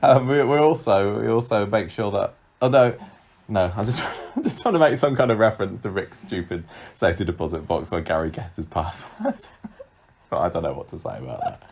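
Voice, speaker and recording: A man with a very low voice chats casually through a soap recap, his pitch swinging widely as he laughs and muses. He pauses to think mid-sentence and keeps the tone loose and chatty. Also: animated, a little mellow. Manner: chatty, giggly, drawn-out musing pauses. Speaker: podcast co-host.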